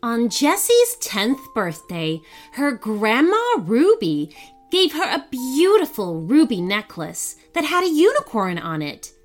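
Woman storyteller, gentle expressive read-aloud, children's story podcast, lively melodic voice, faint music. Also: on the high side, slow. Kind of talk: scripted children's story narration.

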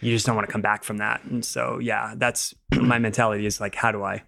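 A man's voice: lowish voice, flat delivery, fairly quick, vocal fry, pushed and bright. A middle-aged man, a rock climber and podcast guest, telling stories in casual chat, acting out quoted dialogue and laughing often.

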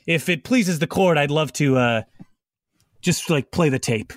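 A man playing a smug, theatrical prosecutor in a comedy tabletop game, speaking with slow dramatic pauses. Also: fairly high pitch, dry recording, clean studio sound, natural voice.

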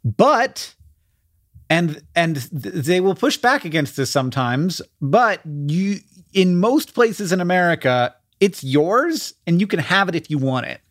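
A man's voice: high-pitched, sing-song, a little slow, a bit bright, no room sound, clean studio sound. A man co-hosting an advice podcast, reading listener questions and answering in a rambling, self-deprecating way with frequent laughter. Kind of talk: casual chat.

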